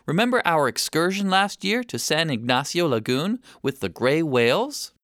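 A man's voice: fairly high pitch, very animated, normal speed, a bit bright, no echo, studio quality. A man voicing an earnest little boy pleading with his older brother in a storybook.

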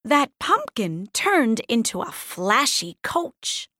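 A woman reading a children's fairy tale aloud, clearly and deliberately. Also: a little high, sing-song, pushed and bright, no room sound, studio quality. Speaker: storybook reader. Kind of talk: slow read-aloud storybook narration.

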